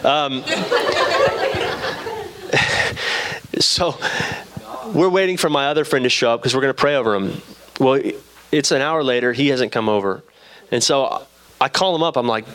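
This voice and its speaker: Young male preacher, relaxed storyteller, mid-pitched voice, acts out the dialogue. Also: a little slow, long pauses. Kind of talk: sermon with personal story.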